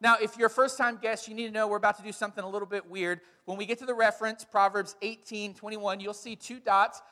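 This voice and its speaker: High-pitched male pastor, middle-aged, casual storyteller, long church reverb. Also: little pitch movement, fast, bright, forceful tone. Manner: casual, storytelling, with frequent fillers. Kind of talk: sermon with announcements. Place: large church hall.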